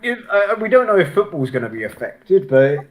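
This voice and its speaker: A man co-hosting a football watchalong. He talks in an animated, sweary way and repeats words as he starts his sentences. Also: high-pitched, fast, over a noisy crowd. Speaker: fan co-host of a match watchalong. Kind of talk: casual football chat.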